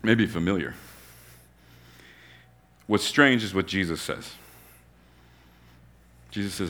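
A man's voice: deep voice, takes it slowly, pauses often, a bit bright. A man preaching a sermon in a casual storytelling way, acting out the characters' lines and sometimes dropping almost to a whisper. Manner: casual storytelling with voiced characters, drops to a near-whisper at times. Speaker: pastor.

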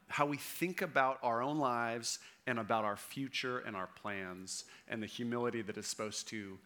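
Bright-voiced man preaching conversationally. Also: mid-range voice. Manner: conversational, emphatic preaching with frequent "right?" and "okay?". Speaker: pastor. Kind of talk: sermon.

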